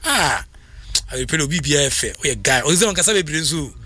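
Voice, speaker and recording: Man, Ghanaian accent, radio sports talk, bright, slightly high voice, animated. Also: quick pace. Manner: animated, mixing languages, frequent laughs.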